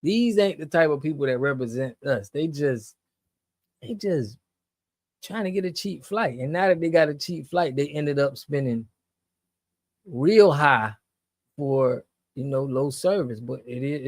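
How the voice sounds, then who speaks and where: A man with a fairly high voice rants through a reaction video in loose slang, jumping from loud outbursts to low mutters. The sound is dry and close, with no room around him. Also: measured pace, no echo. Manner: animated, slangy, swings between loud and muttered. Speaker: reaction channel host. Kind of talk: casual reaction commentary.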